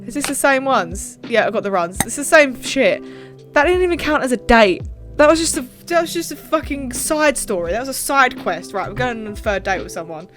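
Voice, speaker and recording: A young woman casually commenting on a video game she is playing, excitable and swearing freely as she reads dialogue aloud. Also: a little high, brisk. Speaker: game streamer. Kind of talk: casual let's-play commentary. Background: game music.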